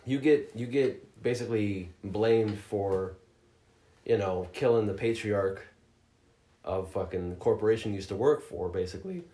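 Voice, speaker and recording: A man hosting a casual podcast chat, telling a game's story in a profane, animated way, often slipping into mocking voices. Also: on the low side, moderate pace. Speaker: podcast host reviewing a game. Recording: roomy echoey room.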